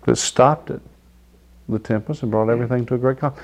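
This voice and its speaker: A man's voice: medium pitch, steady tone, brisk, vocal fry, a little mellow. Male preacher, casual sermon delivery, mid-range voice, conversational and questioning. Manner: conversational, asks "do you understand?" often; acts out quoted figures with laughter. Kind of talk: informal sermon with scripture reading.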